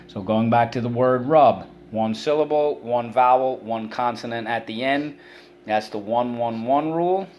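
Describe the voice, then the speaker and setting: A man's voice: medium pitch, unhurried, darkish tone, slight background noise. A middle-aged male teacher giving a spelling and vocabulary lesson to children, patiently explaining each word with many examples.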